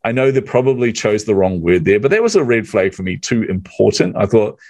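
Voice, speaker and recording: A man hosting a podcast, telling a story in casual chat, acting out quotes with lively animation and laughing often. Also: lowish voice, fast talker, dry recording.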